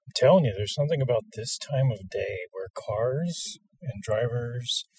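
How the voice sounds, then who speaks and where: A man's voice: mid-range voice, animated, normal speed, a little mellow, breathy edge, dry recording, recorded from a distance. A man talking to the camera from inside his car, griping about traffic in a sarcastic, exasperated way with dramatic outbursts. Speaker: vlogger driving in traffic. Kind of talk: casual monologue. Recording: voice set apart from the mic.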